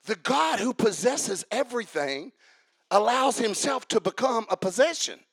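A middle-aged preacher with a very high, gravelly voice. He moves between booming, sing-song exhortation and quiet, chatty asides. The recording is dry and close. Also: animated, measured pace, dry recording. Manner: swings from shouted, sing-song preaching to hushed, chatty storytelling. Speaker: pastor. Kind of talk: sermon.

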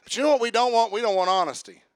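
A man preaching a sermon, joking with the congregation and building to shouted emphasis. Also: very high voice, very fast, dry recording. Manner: humorous, calls out to the congregation.

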